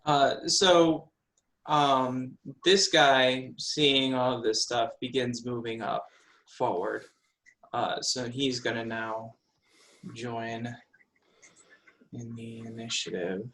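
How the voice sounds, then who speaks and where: Slow, bright-voiced male game master. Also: mid-range voice, steady tone, a little hiss or hum, poor audio. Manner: unhurried, filler-heavy narration. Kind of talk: narrating a tabletop game.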